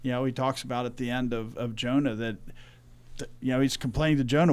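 A man's voice: medium pitch, steady tone, quick pace, a little mellow, smooth, no room sound. A man co-hosting a church podcast, speaking emphatically and quoting scripture in a preachy way. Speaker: podcast co-host. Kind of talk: religious discussion podcast.

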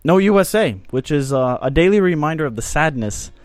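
A man's voice: a little high, expressive, a little fast, dry recording. A man from the United States hosting a soccer podcast in casual chat, teasing his co-hosts and laughing often. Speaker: podcast host.

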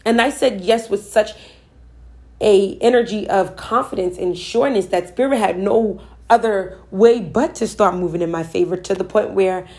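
A woman telling a personal spiritual story, her voice at a middle pitch. She speaks earnestly and emphatically in a loose conversational way, circling back and repeating words for effect. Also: moderate pace, darkish tone. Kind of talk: personal storytelling about manifesting.

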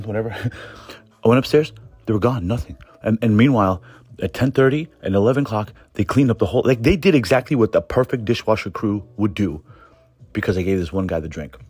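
A man's voice: lowish voice, darkish tone. A man telling a rambling, profane story in a casual podcast monologue, full of restarts. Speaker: podcast host.

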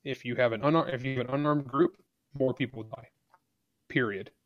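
A man's voice: mid-range voice, fairly even intonation, a little fast, no room sound, lo-fi sound. A man speaking as an author and guest on a podcast interview, arguing his points bluntly and with emphasis.

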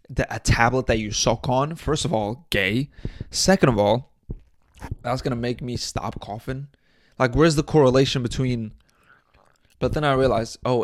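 Crude, rambling young podcast host. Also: male voice, mid-range voice, dry recording, studio quality. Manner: crude, joking, rambling with mock outrage. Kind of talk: casual solo podcast monologue. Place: small indoor set.

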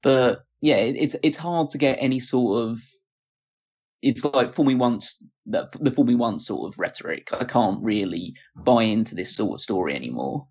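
A man co-hosting a casual chat show, picking his words slowly and often starting over. His voice sits at an ordinary middle pitch. The audio is dull and lo-fi. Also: lively intonation, darkish tone, breathy edge. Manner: hesitant, restarts often, measured opinions. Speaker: podcast co-host. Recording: dull lo-fi sound.

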